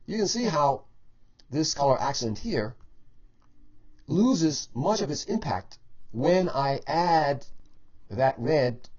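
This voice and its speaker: A man teaching a painting lesson while demonstrating, explaining in a measured way and stretching key words for emphasis. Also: fairly high pitch, very animated, darkish tone. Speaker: painting instructor. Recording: dull lo-fi voice-over.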